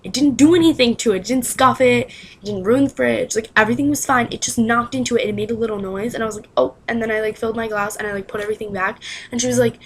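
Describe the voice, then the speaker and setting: A woman's voice: a little high, quick pace, slight background noise, rough recording. Young woman vlogging her life story, rambly, says like constantly, kinda exasperated. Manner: rambling, heavy use of "like", exasperated asides. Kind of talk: casual storytelling to camera.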